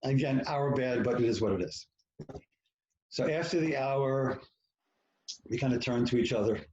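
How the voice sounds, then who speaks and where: A man tells a personal story as a podcast guest, blunt and profane, slipping into the voices of the people in it. His voice sits at an ordinary middle pitch. The recording sounds roomy and a little muffled, like a home setup. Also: normal speed, darkish tone, a little hiss or hum. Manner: frank, profane, self-mocking, acts out quoted lines. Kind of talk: candid storytelling in conversation.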